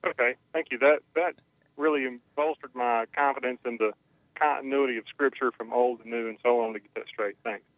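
A man's voice: medium pitch, steady tone, fairly quick, no room sound. A man calling in to a radio show, asking questions politely and hesitantly, with many fillers. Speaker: caller. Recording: tinny phone line.

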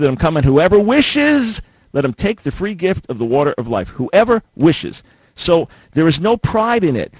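A man's voice: fairly high pitch, dry recording, rough recording. Middle-aged man, radio host, emphatic, repeats for stress, dry studio sound. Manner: emphatic, quotes scripture, repeats phrases for stress. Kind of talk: call-in talk radio debate. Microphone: studio microphone.

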